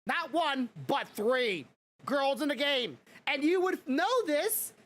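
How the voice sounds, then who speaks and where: A man's voice: extremely high pitch, animated, slow, fairly bright tone. A man hosting a podcast, talking in a loose, rambling way and laughing often between points. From Louisiana and Mississippi, USA. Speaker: podcast host. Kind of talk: casual podcast chat.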